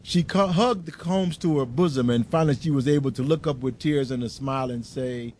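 A man reading a story aloud and turning it into a sermon, slow and deliberate with emphasis. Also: medium pitch, a little mellow, a little hiss or hum. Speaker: preacher.

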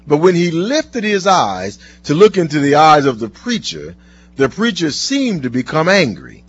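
Male preacher, husky, lively pitch, earnest sermon delivery, lo-fi sound. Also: dry recording. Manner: earnest, slowing down for scripture. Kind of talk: sermon with told stories and scripture reading. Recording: dull lo-fi recording.

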